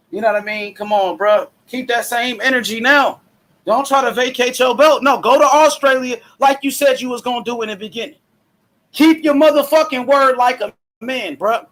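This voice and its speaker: A man hosting a casual boxing talk stream, talking loud, profane trash. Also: sits high. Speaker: host.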